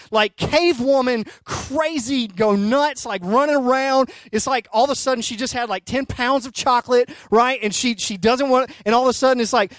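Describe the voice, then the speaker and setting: This very high-pitched man in his thirties is a pastor giving a sermon, recorded dry. His stories come across animated, shifting from hushed to loud, and he regularly checks in with listeners using "right?" and "okay?".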